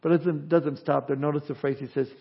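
A male pastor preaching a sermon, swinging from loud emphasis to quiet asides. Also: fairly high pitch, fairly even intonation, fast, breathy edge, highs cut off.

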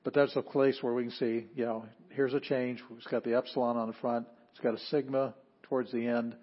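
A man's voice: medium pitch, level tone, fairly quick, highs cut off. A man teaching an introductory Greek class, explaining step by step and often restarting his phrases. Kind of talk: classroom lecture.

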